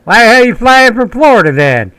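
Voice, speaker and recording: A man voicing a blunt, profane Southern Army staff sergeant, pitched up and louder than his own voice. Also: big pitch swings, quick pace, smooth, full character voice.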